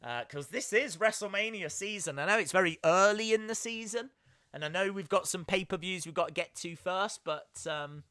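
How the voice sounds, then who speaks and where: A young man with a fairly high, bright, tense-edged voice hosts a casual live stream. He rambles through his thoughts with many "um"s and restarts. He reads out viewer comments and thanks each one. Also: normal speed, clear, resonant tone.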